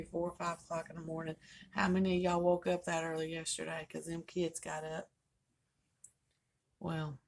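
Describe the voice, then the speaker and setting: Folksy older woman with gravelly voice. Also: on the low side. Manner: folksy, joking storytelling. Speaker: vlogger host. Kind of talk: casual chat.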